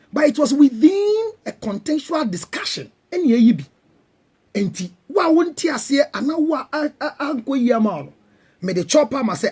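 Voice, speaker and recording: Middle-aged Ghanaian man, defensive and emphatic, husky with a lively pitch. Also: brisk. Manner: defensive, emphatic, mixes English and Twi. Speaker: guest counselor. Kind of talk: heated panel discussion.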